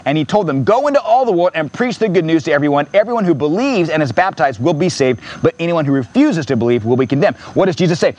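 A man pastor preaching an impassioned sermon in a church, repeating phrases and rising to near-shouts. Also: fairly high pitch, animated, fast talker, few pauses.

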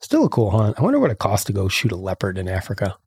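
Gravelly sarcastic podcast host. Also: male voice, fairly low pitch, huge pitch swings, fast, a little mellow, no echo, studio quality. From Illinois. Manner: sarcastic, ranting. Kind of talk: casual podcast chat reading news.

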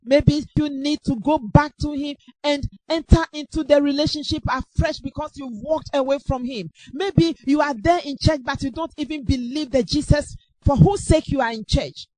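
A woman preaching a sermon with impassioned, repetitive exhortation that rises to shouts. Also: high voice, normal speed, few pauses, no room sound, poor audio.

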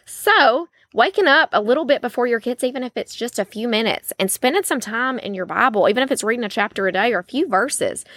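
A woman's voice: fairly high pitch, expressive, brisk, hardly any pauses, fairly bright tone, dry recording, clean studio sound. A woman, hosting a faith-based podcast in a chatty, folksy way with many fillers. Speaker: podcast host.

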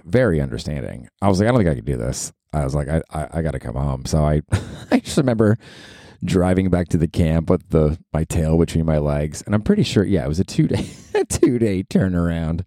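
A man in his forties from Florida telling a story on his podcast, casual and profane, jumping into high exasperated outbursts. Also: a little fast, no echo, clean studio sound. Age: 40s. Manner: animated, swearing, swooping up into high exasperated outbursts. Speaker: podcast host.

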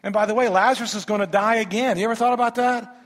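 A man preaching a sermon, reading scripture aloud and breaking in with animated rhetorical questions and humorous asides to the congregation. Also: sits high, fast talker. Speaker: pastor. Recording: long reverb of a large hall.

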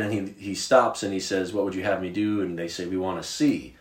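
A man from Virginia co-hosting a podcast, chatting about Bible stories in a casual, animated way with plenty of filler words. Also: deep voice, quick pace, few pauses, reverberant. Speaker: podcast co-host.

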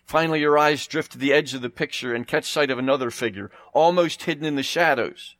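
A man preaching a sermon outdoors, reading scripture with slow, rising emphasis. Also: on the high side, a bit bright. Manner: emphatic, slows and rises to stress scripture.

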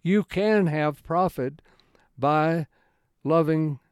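A man's voice: a little high, smooth, dry recording, clean studio sound. Rambling man teaching from scripture. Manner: rambling and halting, with many restarts; folksy, conversational storytelling. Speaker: Bible teacher. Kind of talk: informal Bible study talk.

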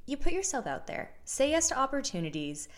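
A woman's voice: high voice, very animated, a little fast. A young woman in her twenties telling a personal story to her viewers in a casual, candid way, swearing freely and restarting her sentences as she goes. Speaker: vlogger.

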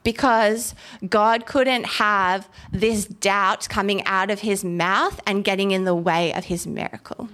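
A woman preaching a casual, animated sermon, reading scripture aloud and acting out the biblical figures in quick asides. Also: mid-range voice. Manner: animated, acts out biblical voices.

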